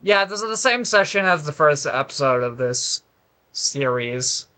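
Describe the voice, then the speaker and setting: A man's voice: a little high, expressive, a little slow, pushed and bright. A tired, worn-out man giving casual, rambling gameplay commentary with swearing and frequent restarts. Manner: rambling, swears, self-correcting. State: exhausted, voice worn out. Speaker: let's play commentator.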